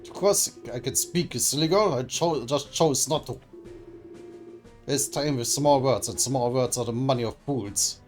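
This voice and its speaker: A man voicing a gruff, irritable older male philosopher, loud and scolding, in a game reading. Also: mid-range voice, a little slow, faint music behind, natural voice.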